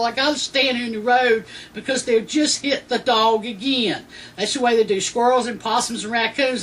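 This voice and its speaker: A woman telling a personal faith testimony in a rambling way, full of "you know" fillers. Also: on the high side. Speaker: Christian testimony speaker. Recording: distant mic with faint background noise.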